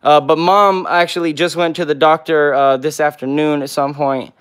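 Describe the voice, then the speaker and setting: A man's voice: on the high side, steady tone, normal speed, fairly bright tone, clean tone. A man hosting a casual livestream with viewers, answering comments one by one and cooing baby talk at his pets. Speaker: pet vlog host.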